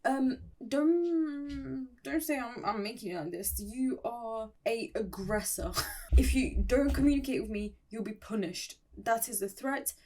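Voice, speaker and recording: A curt, threatening raccoon landlord from a storybook romance, read out by a woman. He gives short, stern orders in a fairly high voice. The voice sits a little away from the mic. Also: measured pace, mellow, recorded from a distance.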